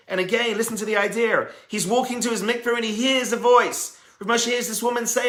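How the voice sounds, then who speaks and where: A man, a rabbi, telling a story as a sermon, animated and acting out the voices of the people in it. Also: very high voice, normal speed, few pauses, echoey room.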